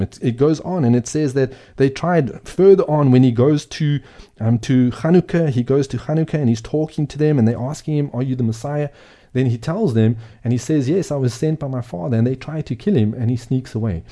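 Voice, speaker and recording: A man's voice: medium pitch, warm tone. A man giving earnest Bible teaching, speaking emphatically and repeating phrases for emphasis.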